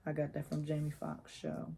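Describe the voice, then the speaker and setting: A young woman gives a relaxed, chatty tarot reading with a mellow, warm tone. She coaches the listener directly and drops in slang as she goes. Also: deep voice, normal speed, creaky, breathy edge. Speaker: tarot reader.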